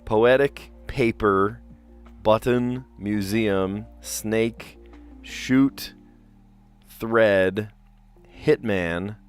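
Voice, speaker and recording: Low-voiced guy chatting away on a puzzle stream, chuckling a lot, bit of music in back. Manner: chatty, rambling, laughs often. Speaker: streamer playing word puzzles; teacher. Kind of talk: casual live-stream chat.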